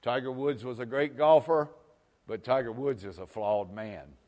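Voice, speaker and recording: A male pastor preaching a folksy sermon, swinging from loud exhortations to quiet asides. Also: medium pitch, normal speed.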